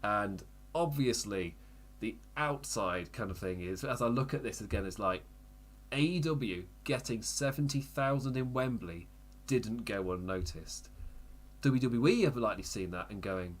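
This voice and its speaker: A man hosting a wrestling podcast, chatting casually with frequent laughs and quick self-interrupting asides. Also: medium pitch, animated. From United Kingdom. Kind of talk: casual live recap commentary.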